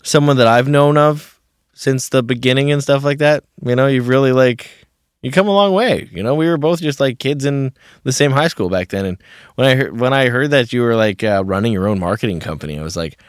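A man's voice: mid-range voice, fairly quick, clean tone, no room sound. A young man hosting a podcast in a small home studio, talking loosely with many fillers and frequent swearing. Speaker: podcast host. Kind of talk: casual chat.

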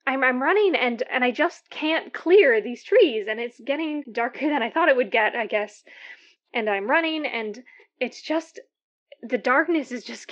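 A woman's voice: high-pitched, fairly bright tone. Stammering shaken woman caller, as an actress plays her. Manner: stammering, halting, repeats words nervously. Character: shaken woman caller recounting a night terror. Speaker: caller to a radio show. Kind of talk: audio drama monologue. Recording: dull lo-fi sound.

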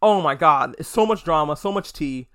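High-pitched guy podcasting, gossipy and swearing a lot, super animated recap vibe. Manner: animated, profane, gossipy storytelling with quick mock voices. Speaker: podcast host. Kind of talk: casual episode recap.

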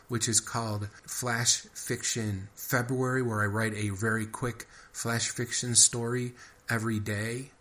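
Man, low voice, podcast host, rambling, thinking aloud, repeats phrases. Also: sharp tone. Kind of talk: casual rambling commentary.

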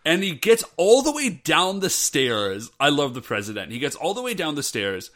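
Bright-voiced guy gushing about a show, acts out the lines. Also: fairly high pitch, moderate pace. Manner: animated, acts out quoted lines. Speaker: podcast co-host. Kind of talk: casual chat recapping a show.

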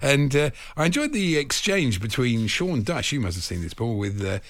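A man's voice: medium pitch, very animated, moderate pace, no echo. Giggly man bantering on air. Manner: chatty, giggly, jokey. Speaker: radio presenter.

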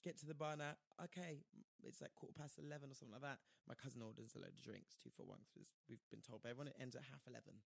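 A man's voice: medium pitch, very fast, gravelly, no room sound. A man telling a story in casual chat, acting out the people he quotes. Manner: animated, acts out quoted voices, slangy.

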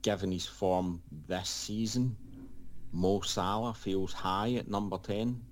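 A man giving measured, dryly humorous football opinions as a podcast pundit, hedging his points. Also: low-pitched, steady tone. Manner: measured, dry humour, hedging. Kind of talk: casual panel chat.

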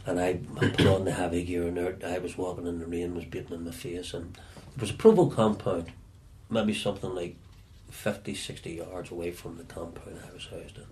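A Northern Irish man telling stories from his past in an interview, often halting and repeating words as he searches for them. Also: low-pitched, flat delivery, a little mellow, slight background noise. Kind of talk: reflective storytelling.

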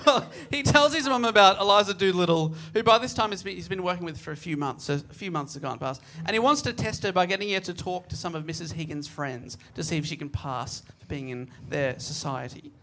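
Brief: male host from Australia, high bright voice, chatty plot recap. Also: fairly quick, hardly any pauses, slight background noise. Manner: chatty storytelling, laughing often. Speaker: podcast host recapping a play. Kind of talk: casual comedic chat.

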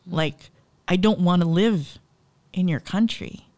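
A woman's voice: lowish voice, slow pace, darkish tone. A woman co-hosting a podcast, telling a painful personal story with raw emotion, frequent swearing and laughs through tears. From Philippines. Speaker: podcast co-host.

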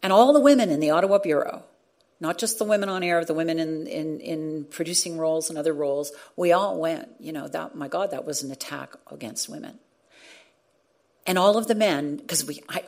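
Middle-aged woman journalist recounting a story in an interview; earnest, slightly low voice, restarts often. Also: a little fast. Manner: earnest, with frequent restarts and acted-out quotes. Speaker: radio journalist and former show host. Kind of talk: reflective storytelling in a conversation.

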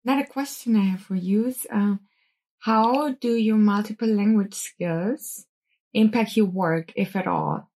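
A woman's voice: medium pitch, unhurried, darkish tone. A woman hosting an interview, asking probing questions and choosing her words carefully. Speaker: interviewer, podcast host. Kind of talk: casual interview conversation.

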